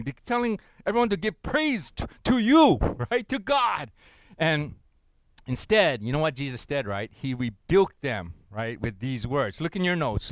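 A man preaching a sermon, leading the congregation in reading scripture aloud and swinging between loud urgency and soft hushed asides. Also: fairly high pitch, sing-song, a little slow, no room sound. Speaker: pastor.

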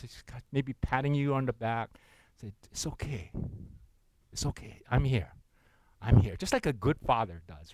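A man, a pastor preaching a sermon, earnest and gentle, with soft intimate passages and loud slow scripture readings. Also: medium pitch, rough recording.

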